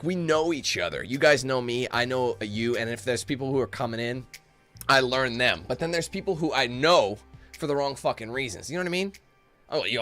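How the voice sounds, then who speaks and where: A worn-out man talking straight to his stream audience, loose and rambling, with plenty of swearing. His voice is bright and forceful. Faint music plays under him. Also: mid-range voice, no room sound. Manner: candid, rambling, swears a lot. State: tired. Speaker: YouTube streamer. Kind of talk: casual stream chat to viewers.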